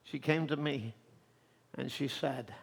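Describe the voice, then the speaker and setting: A male pastor preaching a sermon, moving from quiet storytelling to loud, fervent preaching. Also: mid-range voice, takes it slowly, gravelly, breathy edge. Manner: swings from quiet storytelling to shouted fervor.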